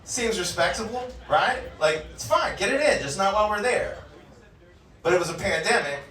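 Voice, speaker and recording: With a high-sitting, sharp voice, lively intonation, and a moderate pace, a forties-aged California comic works a comedy club stage. His set is crude and profane, and he often laughs at his own jokes. The room sounds spacious, picked up by a far-off mic.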